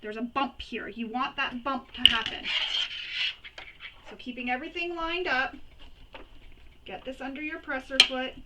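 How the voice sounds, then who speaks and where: A woman's voice: high-pitched, fairly even intonation, a little slow, pauses often, very noisy. A woman hosting a sewing tutorial, chatty and talking through each step while she works, often recapping what was done before. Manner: chatty, repeats and recaps steps.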